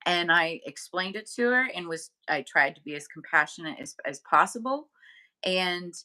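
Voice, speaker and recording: On a casual talk show, a female co-host who works as a medium recounts a personal story, full of fillers, performing the voices of people she quotes. Her voice sits on the low side and is animated, bright and forceful, at a normal pace.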